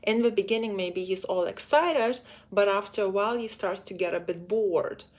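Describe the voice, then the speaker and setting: A woman dating coach talks on a live stream at an ordinary middle pitch. She speaks in a chatty, direct way and keeps calling her viewers ladies. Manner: acts out quoted men in quick put-on voices. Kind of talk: live-stream advice talk.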